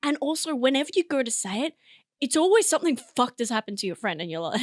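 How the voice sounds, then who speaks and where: A woman's voice: high voice, big pitch swings, fast talker, no room sound. Young woman cracking herself up, rambly, dry close mic. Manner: giggly, rambling, self-interrupting. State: teary from laughing. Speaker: comedy podcast host. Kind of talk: casual comedic monologue.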